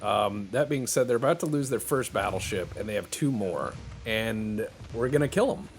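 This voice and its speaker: A man's voice: on the low side, expressive, moderate pace, soft background music. A man giving joking, casual play-by-play commentary on a strategy game. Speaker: gameplay commentator.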